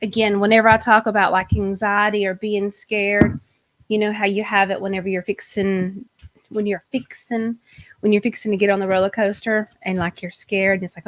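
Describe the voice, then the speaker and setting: Woman, tarot reader hosting a live stream, casual and energetic chat. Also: mid-range voice, normal speed. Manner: chatty, warm greetings to viewers, energetic.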